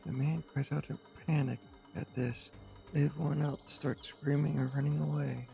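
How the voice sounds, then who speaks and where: A male streamer reading a visual novel aloud in the first person, with tense, halting delivery. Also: on the high side, flat delivery, gravelly, mellow, faint music behind.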